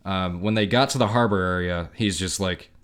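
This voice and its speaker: Deep-voiced stuffy man telling a story. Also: moderate pace, a bit bright, clear, resonant tone. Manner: loose, profane storytelling with frequent "um"s. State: stuffy nose. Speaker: podcast co-host. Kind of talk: casual chat retelling history.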